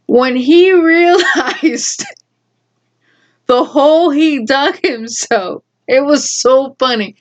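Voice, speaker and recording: A woman telling a story from her school days in a casual, rambling way, repeating herself and adding animated asides. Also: high voice, takes it slowly. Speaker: storyteller vlogger.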